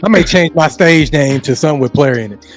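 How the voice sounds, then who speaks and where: Joking male co-host, light and slightly high, casual banter. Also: fairly quick, music in the background. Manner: playful, joking. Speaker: podcast co-host. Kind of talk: casual talk-show banter.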